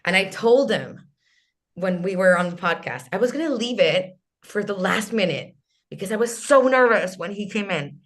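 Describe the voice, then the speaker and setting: A Chilean woman in her thirties, speaking English, guests on a podcast over a video call in a casual interview. She tells stories animatedly, full of "like" and restarts, in a medium-pitched voice at normal speed.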